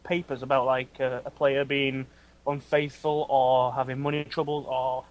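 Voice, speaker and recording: A man in casual banter with friends, chatty and quick to laugh. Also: mid-range voice, level tone.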